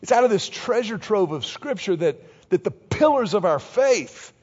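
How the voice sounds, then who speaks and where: A man in his fifties preaching with a high voice. He tells stories in an animated way and calls on the congregation to say lines back to him. The recording has a slightly dull, lo-fi sound. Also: normal speed, husky, long reverb tail. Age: 50s. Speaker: pastor. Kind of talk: sermon.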